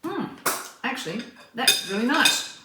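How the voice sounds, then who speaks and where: A woman vlogging as she cooks at home, talking in an unhurried, chatty way while she stirs, serves and tastes her food. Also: fairly high pitch, big pitch swings. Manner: unhurried, chatty, talks while cooking and tasting. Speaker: cooking vlogger. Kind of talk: casual cooking vlog narration. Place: home kitchen. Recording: roomy, distant mic, faint kitchen noise.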